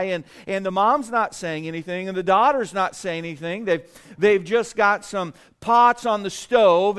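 Man, preacher, sermon story, high voice, clear and smooth, halting repeats. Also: fairly bright tone. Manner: repetitive, halting retelling with many restarts.

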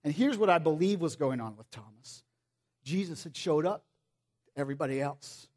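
Man, sermon, animated preacher, acts out quotes, soft pleading drops, slightly high voice. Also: normal speed. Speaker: pastor.

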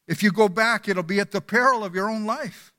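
A preacher playing a firm doctor. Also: male voice, high voice, fairly quick, pushed and bright, pitched above the performer's own voice. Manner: firm, insistent. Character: calm, firm male doctor. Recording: long hall reverb.

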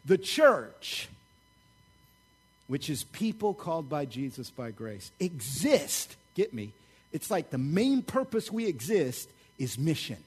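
Preaching slowly in a husky voice pitched high for a man, this pastor gives a lively, energetic sermon. He keeps the tone conversational and regularly checks in with his congregation.

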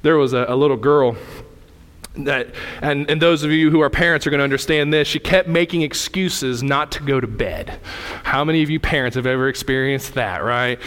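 A male pastor preaching a fervent sermon in a church, repeating his points and swinging between loud and soft. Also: medium pitch, a little fast, smooth. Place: church sanctuary. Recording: echoey hall reverb.

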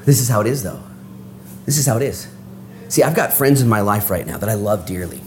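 A man preaching a casual, animated sermon as a pastor, speaking in slang and acting out the voices of the people in the story. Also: lowish voice, normal speed, long pauses, a little hiss or hum.

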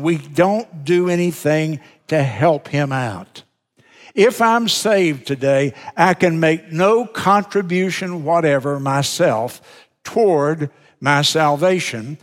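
A man preaching a sermon as pastor, slow and deliberate, leaning on repeated words for emphasis. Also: fairly high pitch. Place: church sanctuary. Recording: long reverb of a church sanctuary.

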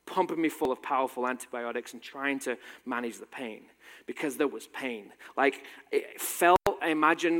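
A man's voice: mid-range voice, a bit bright. A man in his thirties with a British accent with a slight American tinge, telling a personal story with wry, self-deprecating humor in a talk. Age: 30s. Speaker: speaker giving a talk. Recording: long hall reverb.

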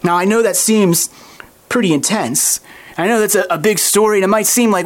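During a sermon, a preacher retells a story in an animated, conversational way, tossing in lots of asides. His voice stays at an everyday middle pitch and moves fairly quickly.

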